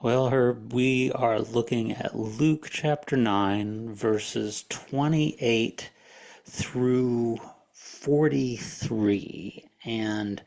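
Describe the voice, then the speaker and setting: A man co-hosting a relaxed gospel discussion podcast, speaking haltingly with many pauses and restarts. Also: medium pitch, creaky. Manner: halting, with frequent fillers and restarts. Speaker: podcast co-host. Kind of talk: casual religious discussion.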